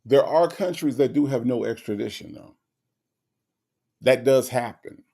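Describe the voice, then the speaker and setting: A man's voice: medium pitch, measured pace, vocal fry, warm tone. A man hosting a live stream, talking to his chat in an emphatic, sarcastic, repetitive rant. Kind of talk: casual commentary to chat.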